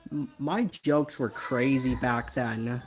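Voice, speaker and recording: A man's voice: medium pitch, slow pace. Rambling man reacting to his old film. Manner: rambling, laughing at himself, slangy. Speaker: channel host reacting to his old video. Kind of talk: casual reaction commentary.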